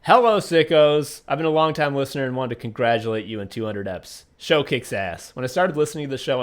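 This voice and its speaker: A man's voice: mid-range voice, animated, fairly quick, few pauses. A man co-hosting a podcast, rambling and joking in casual chat while reading listener messages aloud. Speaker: podcast co-host.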